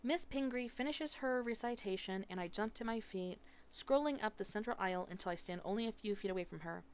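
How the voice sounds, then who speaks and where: Woman streamer, audiobook-style narration, expressive, mid-range voice. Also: mid-range voice, a little fast, clean tone. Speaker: streamer reading a novel aloud. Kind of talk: live audiobook reading. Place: home streaming setup.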